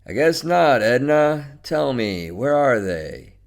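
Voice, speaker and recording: A man's voice: medium pitch, big pitch swings, takes it slowly, gravelly, pitched above the performer's own voice, full character voice. A man reading a story, voicing a balding, lonely middle-aged man who talks curtly and pushes insistently. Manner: curt, insistent, coaxing.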